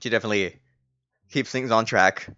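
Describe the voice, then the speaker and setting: A man's voice: fairly low pitch, brisk, pushed and bright, clean tone. A man from California streaming a game playthrough, chatty and giggly, poking fun at himself while reading aloud. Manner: chatty, giggly, self-deprecating. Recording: dull lo-fi stream audio.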